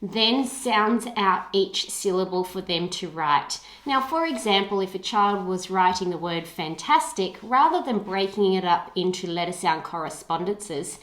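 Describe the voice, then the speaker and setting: A woman with an Australian accent, narrating an instructional video about teaching reading and spelling in a clear, explanatory way. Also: mid-range voice, expressive, a little slow, hardly any pauses, fairly bright tone, echoey room.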